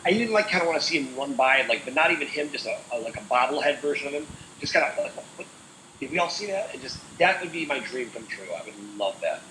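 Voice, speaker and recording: A man's voice: fairly high pitch, animated, fast talker, sharp tone, echoey room, a little hiss or hum, rough recording. A man co-hosting a casual talk show, rambling with many fillers. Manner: rambling, full of "like" and "uh". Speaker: co-host. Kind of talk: casual chat.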